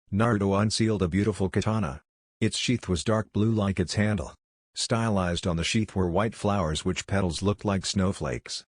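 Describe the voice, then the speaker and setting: A man narrating a fan fiction story in an even, steady reading. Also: deep voice, normal speed, no room sound, studio quality.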